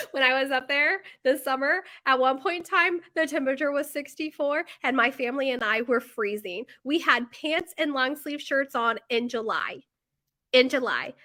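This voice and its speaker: A woman in her thirties talks straight to camera about her bakery, chatty and animated, drifting off on tangents and padding her sentences with fillers. Her voice sits high and sounds bright and crisp. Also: moderate pace. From United States. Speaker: bakery owner. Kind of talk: casual chat to camera.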